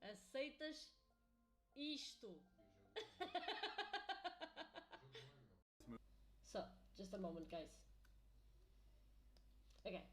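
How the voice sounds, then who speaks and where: A young woman, streaming a game and chatting to viewers in an excitable, swearing, laughing way. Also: medium pitch, takes it slowly, pauses often, faint music behind. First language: Portuguese. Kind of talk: live game streaming chat.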